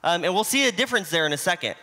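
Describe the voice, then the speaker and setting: High, lively-voiced man preaching. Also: rapid-fire. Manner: conversational teaching with homespun examples. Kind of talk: sermon. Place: church sanctuary. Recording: livestream in a reverberant church hall.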